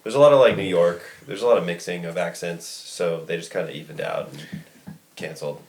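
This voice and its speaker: A man's voice: low-pitched, a little fast, creaky, a little mellow, reverberant. A man in casual podcast chat, joking around, laughing often and mimicking voices. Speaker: podcast guest.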